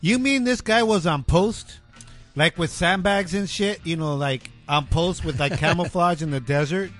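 A man co-hosting a casual talk show, joking and teasing his co-hosts with quick wisecracks. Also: on the high side, a bit bright, soft background music. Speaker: co-host. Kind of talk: casual chat.

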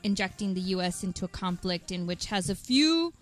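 A woman's voice: mid-range voice, animated, brisk, soft background music. A woman on a talk radio show reading a news item, with a few fillers.

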